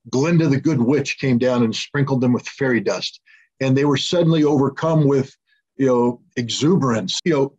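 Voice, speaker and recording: Blunt, sarcastic American man, husky. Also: medium pitch, a little mellow. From United States. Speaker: military commentator. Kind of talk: opinionated political commentary. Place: at home. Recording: dull lo-fi recording.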